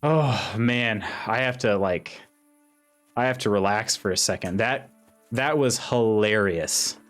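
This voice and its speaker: A man streaming a video game who laughs often, exclaims loudly and reads out viewers' chat messages. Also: on the low side, slow, faint music behind. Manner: giggly, exclaiming, reading chat aloud. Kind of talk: casual live-stream commentary.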